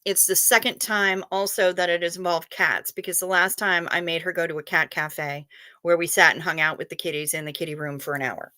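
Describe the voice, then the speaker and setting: A woman's voice: on the low side, steady tone, a little fast, sharp tone, no room sound, clean studio sound. A woman hosting a casual livestream, chatting playfully with viewers and reading out their messages as they come in. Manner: chatty, reads chat aloud, playful, swears casually. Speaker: livestream host.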